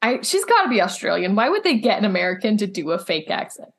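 A woman's voice: medium pitch, big pitch swings, fast talker. A woman co-hosting a podcast in casual chat, rambling and doubting herself as she talks.

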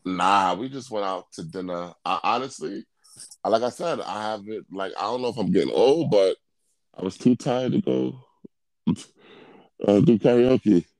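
A man's voice: fairly low pitch, normal speed, a little mellow, no room sound. A man co-hosting a casual chat, talking in a laid-back, rambling way with fillers, sounding a little congested. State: congested, under the weather. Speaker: podcast co-host.

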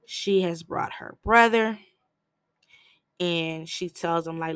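A woman with a fairly low voice retells a film scene by scene in a loose, chatty podcast style. She swears freely and leaps into high, animated voices for the quotes. The sound is close and dry, with no room around it. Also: slow pace, long pauses, smooth, no room sound. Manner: animated storyteller who jumps into high voices to act out quotes; blunt, swears casually, relaxed slang. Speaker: podcast host reviewing a film. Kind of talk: casual movie recap.

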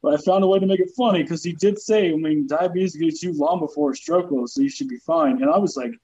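A man's voice: a little high, fast talker, dark tone, husky, dull audio. A young man, a comedian, telling stories casually with a lot of swearing and jokes about his own troubles. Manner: profane storytelling, joking about his troubles. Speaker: comedian guest. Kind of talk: casual podcast chat.

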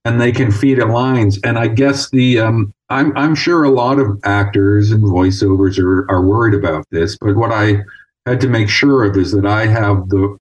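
A man's voice: on the low side, moderate pace, rough recording. A middle-aged man from Canada, a voice-over artist chatting as a guest and telling stories, sometimes slipping into comic voices. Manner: storytelling, slips into comic voices. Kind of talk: casual interview chat.

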